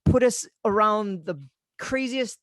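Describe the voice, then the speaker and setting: A man, hosting a podcast and telling stories in casual chat, animated and swearing freely. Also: high-pitched, measured pace, no echo. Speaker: podcast host.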